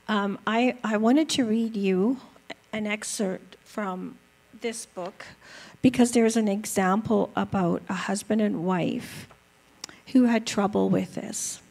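A woman speaking slowly and earnestly, teaching in a gentle, reflective way. Her voice has a gravelly, creaky edge. She takes her time with each point, with the odd "um". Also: mid-range voice, low-quality recording. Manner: gentle, earnest, unhurried with fillers. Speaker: speaker teaching about apologies. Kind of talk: slow reflective talk with a read-aloud excerpt.

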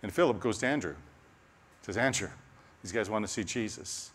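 A man preaching a sermon, animated with laughing asides, dropping to a soft hush on key lines. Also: on the low side, normal speed.

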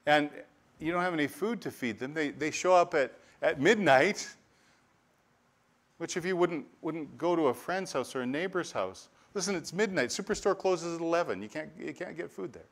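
A male pastor preaching a sermon, earnest and conversational, often restarting and repeating words, lively when telling stories. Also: a little high, normal speed. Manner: earnest preaching with repetitions and restarts, animated storytelling asides.

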